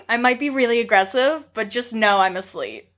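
A woman's voice: on the high side, expressive, normal speed, a bit bright. A woman hosting a podcast, chatting casually and asking playful, gossipy questions. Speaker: podcast host. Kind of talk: casual chat.

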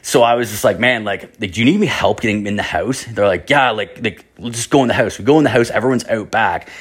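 A man's voice: on the low side, quick pace, husky. Rambling, foul-mouthed young man. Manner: rambling, heavy swearing, acts out other voices. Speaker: storyteller. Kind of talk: casual storytelling.

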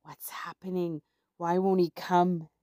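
A woman's voice: lowish voice, level tone, unhurried, warm tone, no room sound, clean studio sound, lightly acted. A woman voicing a frightened but boastful male knight who talks in a panicky, blustering way.

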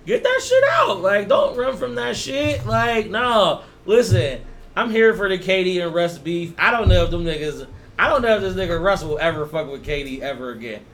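A young man co-hosting a podcast in profane, casual chat. He talks loudly in slang, swears a lot and laughs often. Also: sits high, expressive, moderate pace. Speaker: podcast co-host.

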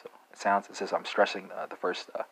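A man with a deep, low voice and a Texas accent talks through a casual spoken lesson. He speaks haltingly, with many fillers and a habitual "right?" at the end of his points. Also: flat delivery, a bit bright, husky, poor audio. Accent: Texan. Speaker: language teacher.

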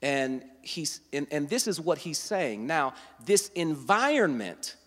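A man preaching a sermon as pastor, teaching from scripture and building to fervent, loud delivery. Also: on the high side, long reverb tail.

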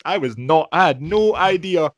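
A man's voice: fairly high pitch, lively intonation, moderate pace. A man chatting casually, rambling with many fillers and laughing easily. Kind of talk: casual chat.

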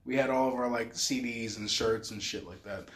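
A man from Utah telling a road story in a casual chat, profane and animated, acting out what people said. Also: mid-range voice, moderate pace. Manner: profane, animated storyteller who acts out quotes. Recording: roomy echoey room.

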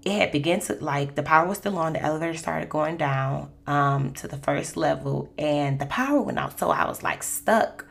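A woman's voice: low voice, moderate pace, gravelly, hardly any pauses. A woman hosting a Christian podcast, telling personal faith stories in a conversational way with lots of "you know.". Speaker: podcast host.

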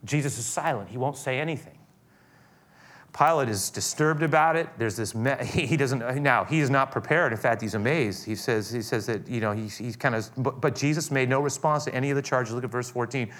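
A man preaching a sermon, retelling a scripture scene with animated, acted-out quotes. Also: mid-range voice, brisk. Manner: animated retelling, acts out quoted voices loudly. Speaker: pastor.

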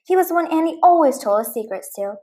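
A woman hosting a show segment, reading a children's storybook aloud. Her narration is gentle and clear, with a slightly high voice. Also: lively intonation, quick pace. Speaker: host.

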